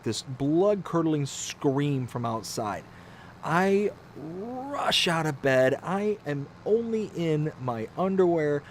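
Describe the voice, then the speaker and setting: A man's voice: a little high, slight background noise. A man hosting a gaming livestream, casually telling a story and acting out the voices in it. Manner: animated, acts out the voices in his story. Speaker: livestream host.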